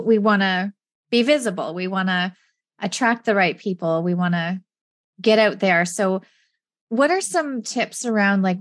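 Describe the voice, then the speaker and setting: A woman's voice: medium pitch, no echo, clean studio sound. A woman hosting a casual interview, friendly, asking questions and laughing easily. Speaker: podcast host.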